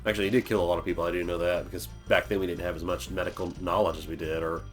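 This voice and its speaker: A man's voice: low voice, little pitch movement, very fast. A young man from Florida casually commentating a video game, rambling and joking on tangents. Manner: rambling, jokey, going off on tangents. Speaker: let's play host. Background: game music.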